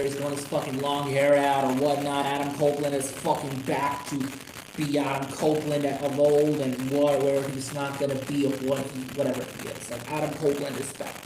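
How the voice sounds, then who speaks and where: A man ranting on a casual live stream about wrestling, swearing constantly and rambling with sudden excited outbursts. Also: medium pitch, moderate pace. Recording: echoey room with noisy background.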